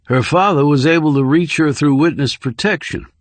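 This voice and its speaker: A man voicing a menacing middle-aged male interrogator who speaks formally, slowly and with condescension. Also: on the high side, no room sound, natural voice. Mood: cold.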